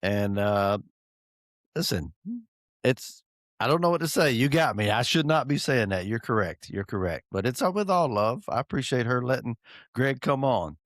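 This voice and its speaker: A man's voice: mid-range voice, expressive, moderate pace, dry recording. Middle-aged guy ribbing his cohost on a podcast, voice bounces up and down a lot, dry close sound. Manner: joking, teasing, laughs often. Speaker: podcast co-host. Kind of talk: casual chat.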